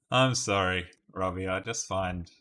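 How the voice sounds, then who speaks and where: A man's voice: sits low, pushed and bright. An Australian man in casual live-stream chat, playfully musing through guesses and laughing often with his viewers. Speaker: streamer solving word puzzles live.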